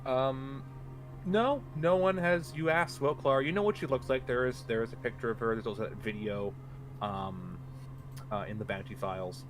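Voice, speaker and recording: A man's voice: medium pitch, moderate pace, over music. A man running a tabletop game as game master, narrating in a loose, rambling way full of filler words.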